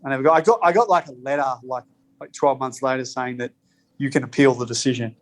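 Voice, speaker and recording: A spirits company co-founder, appearing as a podcast guest, tells rambling stories in a fast, medium-pitched voice. His casual storytelling is laced with heavy swearing and laughter between lines.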